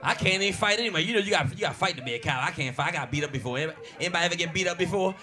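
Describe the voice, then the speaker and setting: High-voiced man doing crude stand-up. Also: racing, slight background noise. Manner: animated, crude, punchy storytelling. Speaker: stand-up comedian. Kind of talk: stand-up comedy routine. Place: comedy stage before an audience. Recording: live audience laughing.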